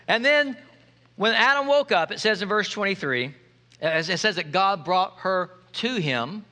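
High, bright-voiced joking preacher man. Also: expressive, measured pace. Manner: playful, joking preacher who calls for audience responses. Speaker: pastor. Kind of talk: sermon.

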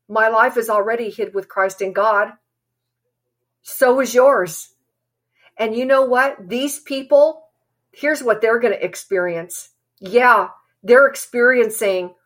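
A woman preaching an earnest, urgent sermon, reading a letter aloud and breaking into emphatic, forceful lines. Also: on the high side. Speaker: Christian preacher.

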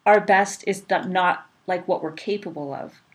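A woman in her thirties co-hosting a podcast, talking in a loose, relaxed way full of "like" and "you know" and casual swearing. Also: lowish voice, normal speed, slight background noise. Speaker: podcast co-host. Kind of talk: casual chat.

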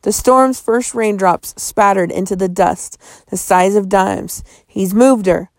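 Female audiobook narrator, suspenseful, slight fry, dry booth sound. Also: mid-range voice, a little slow, no room sound. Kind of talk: storybook reading.

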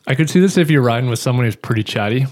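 A man of middling pitch co-hosting a relaxed podcast. He talks in a plain, matter-of-fact way and lays out details one by one. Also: racing. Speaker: podcast co-host. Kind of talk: casual chat.

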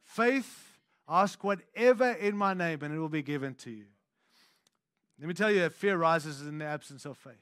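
A man preaching a sermon as pastor, swinging from hushed intimate lows to loud emphatic declarations, with conversational asides to the congregation. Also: lively intonation, normal speed, no room sound, studio quality.

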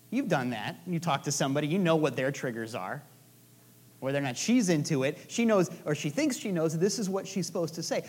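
A woman's voice: low voice, animated, brisk, a little mellow, husky. Casual, playful woman preaching a sermon. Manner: casual, playful storytelling with asides. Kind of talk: conversational sermon.

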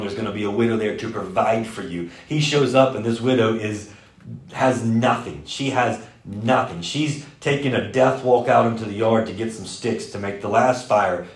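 A man preaching a sermon, telling the story fast and with energy, now and then shouting out lines in character. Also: mid-range voice. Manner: energetic, fast-talking storyteller with bursts of loud mimicry. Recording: echoey room.

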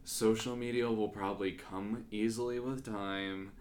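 A man's voice: on the low side, fairly even intonation, a little slow, a little mellow, slight background noise. A young man hosting a podcast, talking casually and full of "like" fillers. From Kentucky, United States. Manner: chatty, many "like" fillers. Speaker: podcast host.

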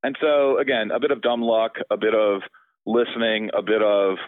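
A middle-aged man, a real estate lawyer, telling a story in an interview and acting out the dialogue with lively energy. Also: lowish voice, moderate pace, no echo. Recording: tinny dry phone-like sound.

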